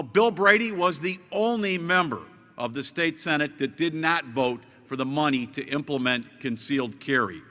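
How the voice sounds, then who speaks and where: A man with a slightly raised voice gives a combative rally speech, warning the crowd about opponents. The recording is dull and lo-fi, with a long reverb tail. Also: fairly high pitch. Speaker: state legislator.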